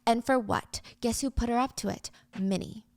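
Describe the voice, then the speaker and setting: A woman giving a casual, gossipy, animated recap of a drama's plot. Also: on the high side, normal speed, no room sound.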